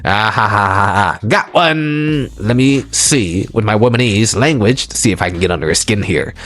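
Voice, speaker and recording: A man's voice: on the low side, lively intonation, normal speed, fairly bright tone, pitched below the performer's own voice. A man voicing a scheming, spiteful young woman who taunts her boyfriend mid-argument. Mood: taunting. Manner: taunting, mocking.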